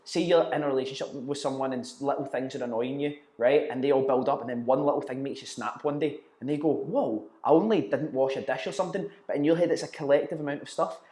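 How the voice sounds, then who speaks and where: A man's voice: medium pitch, quick pace, hardly any pauses, warm tone. A young Scottish man, a guest in a casual interview, talking bluntly, swearing freely and telling stories with quoted banter. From Scotland. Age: young adult. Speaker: guest, entrepreneur. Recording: roomy echo.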